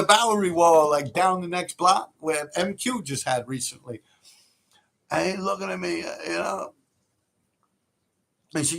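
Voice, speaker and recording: On his livestream, a New York City host rambles through casual, profane stories and laughs often. His voice sits on the high side, sing-song and creaky, pushed and bright, at a normal speed.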